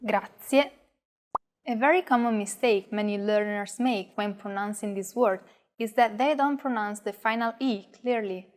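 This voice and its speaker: A woman co-hosting a language lesson, modeling words with slow, careful enunciation. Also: medium pitch. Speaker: co-host, native pronunciation model.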